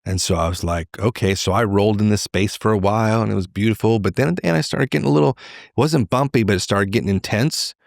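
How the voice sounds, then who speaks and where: A middle-aged man, a podcast guest, telling a candid personal story in an animated way. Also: on the low side, fast talker, creaky, dry recording, clean studio sound. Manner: animated, acts out quoted voices.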